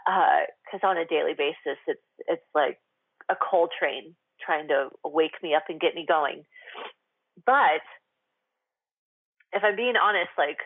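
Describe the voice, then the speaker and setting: A woman's voice: deep voice, a little slow, long pauses, no room sound. A woman hosting a radio show, speaking candidly to her listeners with lots of "like" and "um". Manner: chatty and confessional, heavy with "like" and "um". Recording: tinny phone-line sound, dry.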